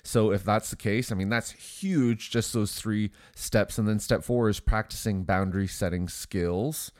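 A man with a fairly low voice talks earnestly in a relaxed podcast chat, a little nasal from allergies. He often restarts his phrases as he thinks aloud. The sound is close and dry. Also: unhurried, no room sound. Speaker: podcast co-host. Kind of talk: casual conversational podcast.

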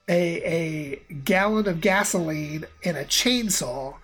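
Husky low-voiced woman playing a tabletop game. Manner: casual, run-on explaining. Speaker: player. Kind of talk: describing her character's actions in a tabletop game.

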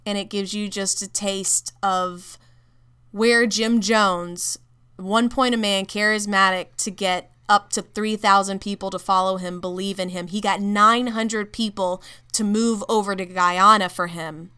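Woman, podcast host, casual measured storytelling, crisp resonant voice. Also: medium pitch, fairly even intonation, sharp tone. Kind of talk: casual narration.

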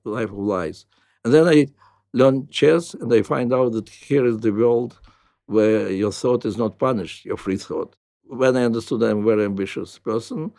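Older man with a Russian accent, gravelly. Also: medium pitch, warm tone, no echo, clean studio sound. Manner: halting, restarts with "uh", non-native grammar. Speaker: guest. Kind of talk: reflective interview answers.

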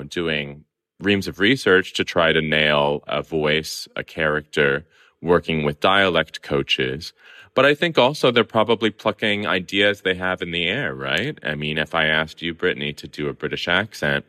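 Man from southern california, interview guest, very deep voice, bright forceful tone, articulate. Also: animated, normal speed, smooth. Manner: articulate, opinionated explaining. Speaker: film columnist guest. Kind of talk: conversational interview.

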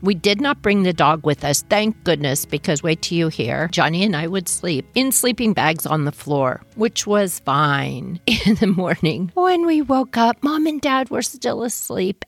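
Lively, giggly woman telling stories. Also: medium pitch. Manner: animated, giggly, acts out voices. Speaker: storyteller host. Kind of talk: casual personal storytelling.

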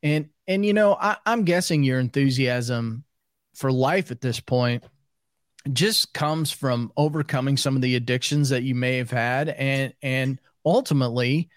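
A man's voice: medium pitch, measured pace, dry recording, clean studio sound. A man hosting an interview, asking questions in a rambling, hesitant way with lots of fillers. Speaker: interview host. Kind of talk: casual interview.

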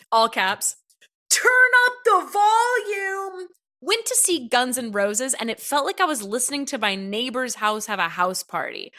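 A woman co-hosting a comedy podcast, animated and joking, laughing often through casual chat. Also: a little high, normal speed. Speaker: podcast co-host.

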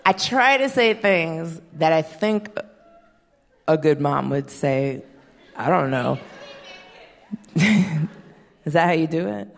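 A woman in her thirties doing a stand-up comedy set, blunt and profane, with sardonic deadpan punchlines. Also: low-pitched, slow, vocal fry, pauses often. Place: stage before a live audience. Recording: hall reverb and faint hiss.

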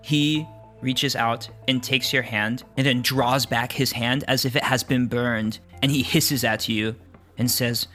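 A man narrating a tabletop game as game master, describing the scene in an unhurried storytelling manner. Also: medium pitch, fairly even intonation, sharp tone, faint music behind.

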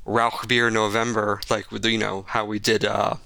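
A man's voice: lowish voice, level tone, normal speed, vocal fry, pushed and bright, dry recording. A man co-hosting a casual podcast chat, wry and joking with rambling asides. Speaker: podcast co-host.

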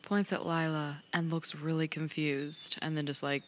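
A woman player describing her character in an unhurried, amused way, with loud clicks behind her. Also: deep voice, little pitch movement, heavy background noise. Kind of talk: casual tabletop play.

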